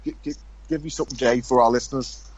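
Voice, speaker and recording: A man's voice: medium pitch, steady tone, fast talker, a little mellow, breathy edge, dull audio. A man hosting a podcast, chatty and joking, often stumbling over his words. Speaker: podcast host. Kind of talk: casual podcast chat.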